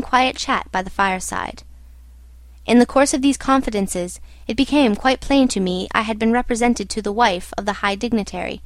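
A woman giving a measured, literary audiobook narration. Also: fairly high pitch, dry recording.

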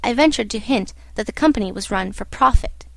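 A woman giving a measured, literary audiobook narration. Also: on the high side, gravelly, fairly bright tone, no echo.

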